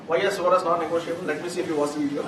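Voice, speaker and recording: High-voiced man teaching from afar. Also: racing. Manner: animated, acts out examples, laughs often. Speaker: Vedic chanting teacher. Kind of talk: live class lecture. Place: classroom hall. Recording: roomy, distant mic, noisy.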